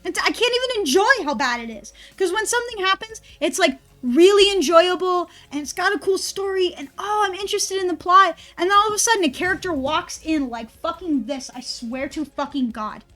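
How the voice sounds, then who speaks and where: High-voiced, swearing woman streamer. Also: lively intonation, a little fast, hardly any pauses, fairly bright tone, soft background music. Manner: profane, ranting, rambling. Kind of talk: casual stream chat.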